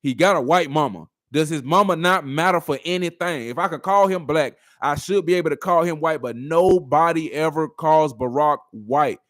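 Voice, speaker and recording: A man's voice: fairly high pitch, moderate pace, hardly any pauses, fairly bright tone, no room sound, clean studio sound. A man doing reaction commentary on a video clip, arguing through a string of rhetorical questions.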